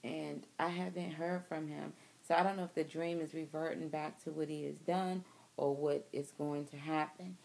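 A woman's voice: low voice, steady tone, normal speed, vocal fry, darkish tone. A young woman, talking candidly and emotionally to her viewers in a personal video diary, recorded outdoors. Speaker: vlogger.

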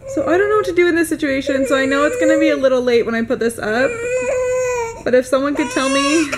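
A young woman narrating a casual family vlog to camera, chatty and candid with quick run-on asides. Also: high-pitched, noisy background. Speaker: family vlogger.

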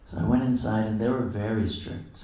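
Male lecturer, low and dark-toned, relaxed storyteller who acts out quotes; very echoey, distant hall recording. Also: a little fast. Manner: casual storytelling, acting out quoted dialogue with chuckles. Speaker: guest lecturer at a temple. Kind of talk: anecdotal morning lecture. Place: temple hall.

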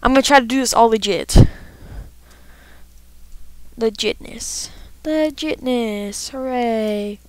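A woman's voice: a little high, slow pace, pauses often, no room sound. A woman giving let's play commentary, talking to herself with frequent frustrated outbursts as she plays. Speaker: gamer.

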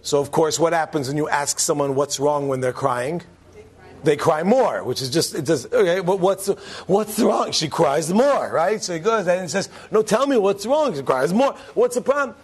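A man, a rabbi, telling a story to a class in a lively way, acting out the quotes and asking the audience questions. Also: on the high side, moderate pace, husky. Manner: animated, acts out quotes, asks the audience questions.

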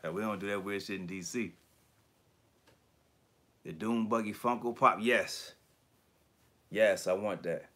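A man hosting a casual livestream chat about collectibles, talking in slangy, profane bursts and animated storytelling. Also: fairly low pitch, takes it slowly, pauses often. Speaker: YouTube collector channel host.

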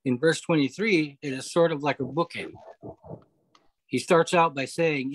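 A man leading a Bible study over a video call, explaining scripture step by step, often pausing on okay and uh. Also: on the high side, no room sound, low-quality recording. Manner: explanatory, repeats key points, frequent okay and uh. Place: home, online meeting.

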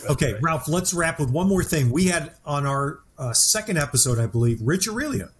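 A man's voice: a little high, animated, a little fast. A man hosting a podcast interview, leading the guest with conversational questions. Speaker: podcast host.

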